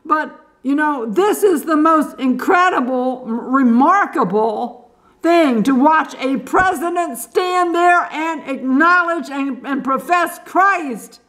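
An older woman speaks casually to her online audience. Her voice sits high, and her talk is fervent and full of exclaimed praise. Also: takes it slowly, fairly bright tone. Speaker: Christian video blogger. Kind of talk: casual chat to camera.

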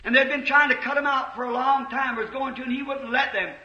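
A man delivers a sermon a little fast with fairly even intonation, his very high, bright, piercing voice ranging from quiet storytelling to fervent shouting. The audio has the dull, lo-fi quality and roomy echo of an old church recording.

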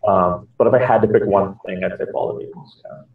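A low-voiced man chats loosely as an interview guest, circling through his stories with plenty of fillers and restarts. His voice comes from a bit off the mic. It sounds muffled and lo-fi. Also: fairly even intonation, fast. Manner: rambling storyteller, many fillers and restarts. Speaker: comics writer guest. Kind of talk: casual interview chat. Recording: echoey, distant, dull lo-fi audio.

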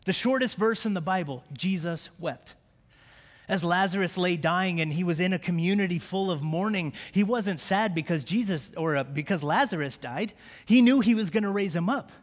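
A male pastor preaching a sermon in a church. He is impassioned, swinging from shouted prayer to quiet, confiding talk. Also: high voice, moderate pace. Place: church sanctuary. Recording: long hall reverb from a church.

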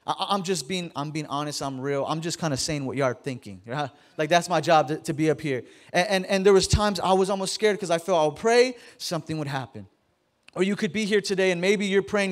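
A man's voice: a little high, brisk. A man in his thirties preaching a casual, joking sermon to his congregation in a church, often stammering and repeating words. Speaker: pastor. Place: church sanctuary.

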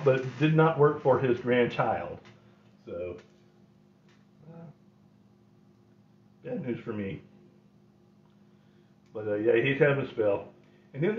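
A middle-aged man telling rambling stories in a wry way, often chuckling. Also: medium pitch. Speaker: host. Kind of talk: casual storytelling. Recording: roomy, slightly dull recording.

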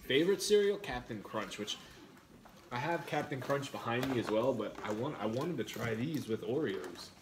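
A man's voice: mid-range voice, lively intonation, normal speed, background noise. A young man hosting a casual live stream, eating while he reads out viewer comments and answers them in a chatty, blunt way. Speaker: livestream host.

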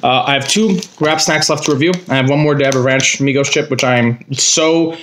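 A man's voice: medium pitch, normal speed, a bit bright, a little hiss or hum. A man casually reviewing chips in a vlog, talking in a blunt, rambling, jokey way. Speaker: snack reviewer.

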